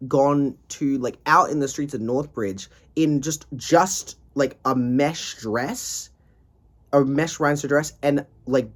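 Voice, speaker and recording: Animated, swearing young man. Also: a little high. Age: 20s. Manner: profane, rambling, dramatic. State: tired. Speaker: vlogger. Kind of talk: casual video diary rant.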